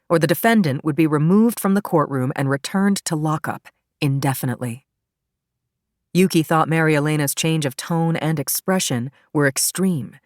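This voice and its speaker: A woman narrates a crime thriller audiobook in an even, steady way. Her voice is very low, and the recording is dry and close, with no room around it. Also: dry recording. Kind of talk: scripted narration.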